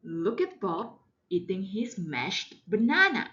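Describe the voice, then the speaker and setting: A woman's voice: medium pitch, very animated, slow, pushed and bright, highs cut off, full character voice. A woman voicing an exasperated young mother who scolds her child firmly and wearily.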